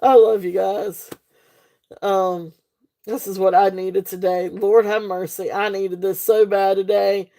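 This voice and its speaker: Slow-talking chatty woman seller. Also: medium pitch, little pitch movement, vocal fry, dark tone. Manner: chatty, laughs often, many fillers and restarts. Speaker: jewelry seller hosting a live sale. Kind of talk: casual live-stream sales chat.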